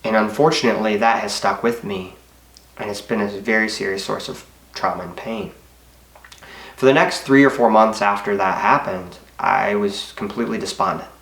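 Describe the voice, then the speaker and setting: A motivational speaker in his twenties tells a painful personal story to camera, earnest, emotional, and confessional, with hesitations. His voice is lowish and fairly bright with vocal fry, at a moderate pace, in a reverberant recording.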